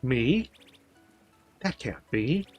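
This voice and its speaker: A man's voice: medium pitch, sing-song, drawn-out words, muffled recording, faint music behind, pitched above the performer's own voice, heavily acted. A man voicing a frightened game hero who calls out for friends and pleads not to be left alone. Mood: pleading. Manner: pleading, calling out.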